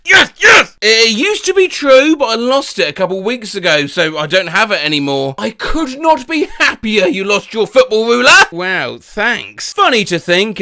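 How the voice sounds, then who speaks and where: Animated high-pitched comic male narrator. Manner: quick-switching silly voices, shouting bits. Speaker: comedy narrator. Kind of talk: comedic narration of funny quotes.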